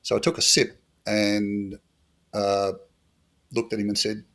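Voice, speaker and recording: A man's voice: lowish voice, level tone, measured pace, fairly bright tone. A middle-aged Australian man, a former bush police officer, telling wry anecdotes in an interview with a lot of fillers. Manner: dry humorous anecdotes with fillers. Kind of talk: storytelling interview.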